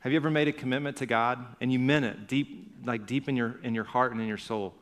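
A man's voice: mid-range voice, steady tone, fast talker. A pastor preaching a sermon with earnest emphasis, repeating words and phrases to drive his point home. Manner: earnest, builds to fervent emphasis then drops to hushed intensity.

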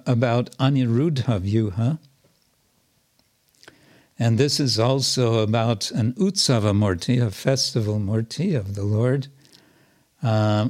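A man teaching a scripture class, reading verses aloud and explaining them slowly with many pauses and restarts. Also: medium pitch, a little mellow. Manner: slow and hesitant, many fillers and restarts.

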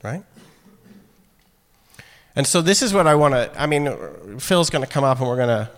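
A man preaching a sermon in a casual, animated way, acting out quoted lines. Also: a little high, moderate pace. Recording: long hall reverb.

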